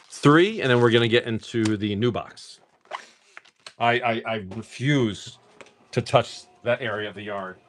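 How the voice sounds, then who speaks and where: A middle-aged man talks casually on a live stream, cracking dad jokes and laughing often. He reads out card names as he opens packs and drops in the odd swear word. His voice sits at an everyday middle pitch. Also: slight background noise. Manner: rattles off card names while opening packs.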